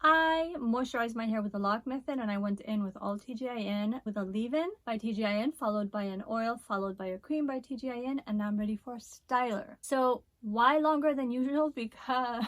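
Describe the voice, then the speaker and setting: A woman's voice: on the high side, fairly quick, few pauses, no echo. A woman with a Spanish accent chatting enthusiastically through a hair product review vlog. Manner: chatty and enthusiastic, with laughs and asides. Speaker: hair care vlogger.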